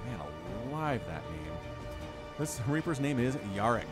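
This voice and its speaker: A man's voice: medium pitch, sing-song, a little slow, over music. A man giving solo play-by-play commentary on a strategy game match, chatty and rambling, with self-deprecating jokes.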